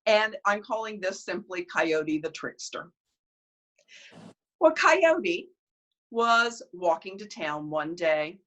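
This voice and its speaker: Woman, storyteller, expressive narration, lively pitch, bright voice. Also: slow pace, long pauses. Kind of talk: storytelling performance.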